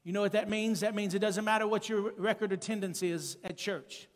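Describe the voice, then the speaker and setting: A male preacher delivering an emphatic sermon, calling out to the congregation and building up to shouted peaks. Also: high voice, fairly even intonation, fairly quick. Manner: calls to the congregation. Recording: long church-hall reverb.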